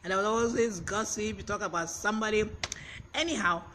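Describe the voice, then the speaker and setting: A man hosts a live-streamed word lesson, his voice pitched high and bright. He is chatty and breaks off to greet viewers by name. A faint fan hums behind him. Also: a little fast, a little hiss or hum. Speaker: vocabulary teacher on a live stream. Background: fan blowing.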